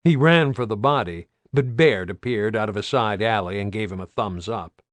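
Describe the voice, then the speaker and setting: A man's voice: on the low side, moderate pace, no echo. A man reading an audiobook aloud with tense, dramatic narration. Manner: tense, dramatic, varied delivery.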